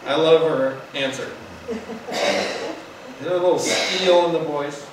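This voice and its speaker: A man teaching a Bible class in an animated, wry, conversational way. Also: fairly high pitch, takes it slowly, pauses often. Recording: echoey room from far off, noisy.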